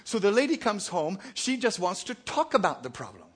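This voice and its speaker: A man's voice: high-pitched, big pitch swings, normal speed, slightly rough. A man preaching a sermon, telling jokes and stories to his congregation. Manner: joking, storytelling preacher. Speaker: pastor.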